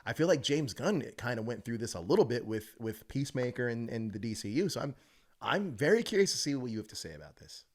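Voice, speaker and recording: A man in his thirties hosts a relaxed podcast chat. His voice swings up and down in pitch as he jokes, and he breaks into goofy voices without warning. He sits in the middle of the male range. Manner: animated, jokey, quick to put on silly voices. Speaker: podcast host. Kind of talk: casual chat.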